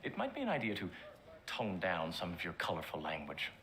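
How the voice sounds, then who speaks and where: Sex: male. Figure: a persuasive, polished political adviser in a period TV drama. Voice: lower-pitched, animated. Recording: faint background noise. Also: a little fast, heavily acted. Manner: smooth, persuasive, coaching.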